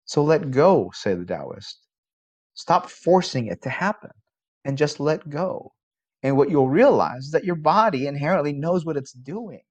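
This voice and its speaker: A man whose voice sits on the high side lectures as a college philosophy professor. Conversational and fond of rhetorical questions, he turns animated when he tells a story.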